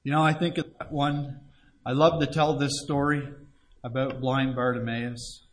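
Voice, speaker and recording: In a mid-range voice with little pitch movement, a man preaches evangelistically at normal speed. His manner is one of earnest pleading, and he reads scripture aloud using old-fashioned wording.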